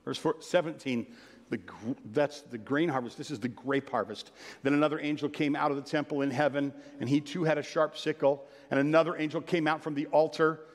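A man preaching a sermon, reading scripture and telling playful stories with sudden loud bursts of excitement. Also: a little high, a little fast. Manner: animated, playful storytelling with sudden loud outbursts. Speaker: pastor. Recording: long hall reverb.

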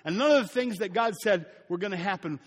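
Speaking fast, a high-voiced pastor preaches animatedly in a church, dramatizing scenes and sometimes going almost silent. His words echo with long reverb through the big hall.

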